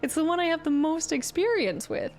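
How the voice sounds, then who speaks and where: A woman streamer giving live gameplay commentary, excitable and laughing often. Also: very high voice, a little fast. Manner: excitable, laughs often, breaks into play-voices.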